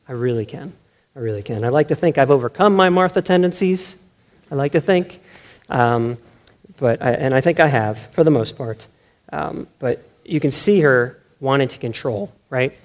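A man preaching a sermon in a loose, conversational way, often checking in with the room and restarting his sentences. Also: mid-range voice. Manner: conversational, self-correcting, keeps asking "right?"; animated, laughs often. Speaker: pastor.

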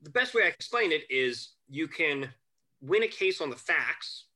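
A man who is a guest on a chat show, telling lively anecdotes and acting out quotes. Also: on the high side, normal speed. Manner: animated anecdotes, acts out quotes, chuckles. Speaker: podcast guest, family lawyer. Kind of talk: casual storytelling chat.

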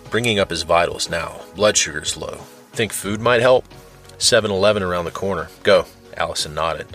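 Guy reading a dark story aloud, very deep voice, faint music behind. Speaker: narrator. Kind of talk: scripted narration.

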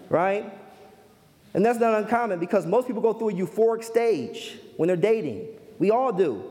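A man preaching a sermon who repeats key phrases slowly and asks the audience questions. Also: high voice, animated, darkish tone, long reverb tail. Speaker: minister.

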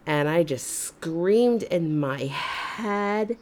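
A woman hosting a storytelling show, telling a personal story in an animated, expressive way. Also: medium pitch, measured pace. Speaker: storyteller host.

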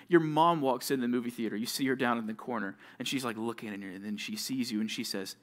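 A young man preaching to junior high students, telling stories and acting out short scenes, with sudden swings from loud to hushed. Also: quick pace, hardly any pauses. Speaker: youth pastor. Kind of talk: youth sermon.

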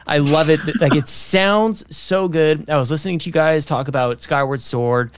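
A man's voice: a little high, normal speed, slight background noise. A man guesting on a podcast from his home basement over a call, talking with eager enthusiasm. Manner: enthusiastic, gushing. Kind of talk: casual podcast chat. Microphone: Discord call.

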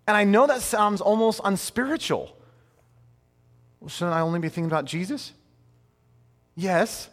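A man in his thirties preaching a sermon in a conversational, animated way, with playful asides. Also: high voice, big-room sound. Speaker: pastor.

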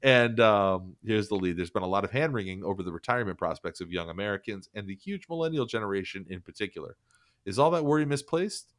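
A man's voice: lowish voice, fast, fairly bright tone, no echo, clean studio sound. A man hosting a casual podcast chat, rambling and sardonic, swearing freely as he reads from and mocks an article.

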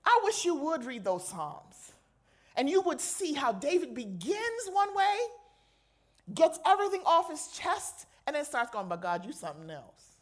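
A woman's voice: high voice, big pitch swings, measured pace. A woman chaplain preaching a sermon to a live audience, conversational and playful with slangy asides. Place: lecture hall with an audience.

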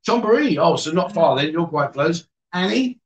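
The livestream host has a slightly high voice, animated and at normal speed. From inside a bar or venue, he keeps things casual and chatty, reading viewer comments aloud and teasing his guests with jokes.

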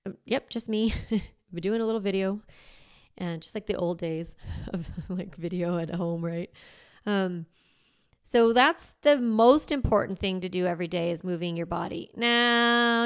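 A woman's voice: mid-range voice, smooth. A middle-aged woman hosting a parenting podcast, giving casual advice and acting out little dialogues with a laugh. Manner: animated, acts out little dialogues, laughs often.

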